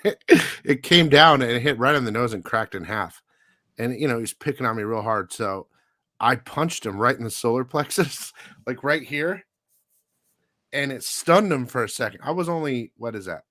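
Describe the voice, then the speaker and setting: A man's voice: mid-range voice, sharp tone, no room sound. A man hosting a live comic book show, telling a story casually with profanity, frequent laughs and lots of "dude".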